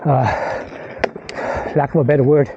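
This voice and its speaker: A man's voice: medium pitch, steady tone, a little slow, dull audio. A man vlogging as he rides a mountain bike outdoors on a rocky trail, out of breath from the climb, rambling and swearing under his breath. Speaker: mountain biker filming his ride. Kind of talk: casual ride vlog talk. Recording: clear wind and rattle noise.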